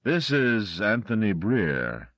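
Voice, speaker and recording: A man reading an audiobook voices a politely menacing European male stranger who speaks slowly and courteously. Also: on the low side, big pitch swings, a bit bright, no echo, voice pushed up, heavily acted. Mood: polite menace. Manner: slow, courteous, measured.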